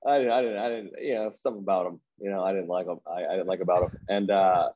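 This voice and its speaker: A man's voice: deep voice, fairly even intonation, quick pace, phone-quality sound, slight background noise. A man telling a story in casual chat, rambling with lots of "like" and restarts, laughing at himself.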